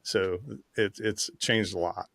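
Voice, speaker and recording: A man's voice: low voice, steady tone, takes it slowly, vocal fry, fairly bright tone, no room sound, clean studio sound. A man hosting a podcast, asking questions in an easygoing way with lots of fillers. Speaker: podcast host. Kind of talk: casual interview chat.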